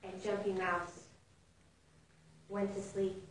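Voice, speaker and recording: A woman preacher telling a fable in a sermon, with expressive, dramatic storytelling and big swings in loudness. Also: mid-range voice, slow pace. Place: fellowship sanctuary. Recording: echoey hall from far off, faint noise.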